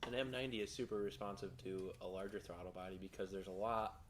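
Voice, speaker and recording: A low-voiced man talks through car mods on a podcast. He pauses and fills gaps with uh and you know. A light hiss sits underneath. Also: fairly even intonation. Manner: halting, filler-heavy explanations. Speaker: podcast co-host. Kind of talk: casual shop-talk podcast.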